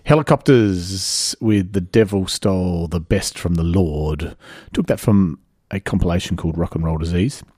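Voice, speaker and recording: A man's voice: sits low, moderate pace, hardly any pauses, dark tone, husky, no room sound, clean studio sound. A man with an Australian accent hosting casual breakfast radio, back-announcing songs with loose, chatty asides. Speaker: radio host.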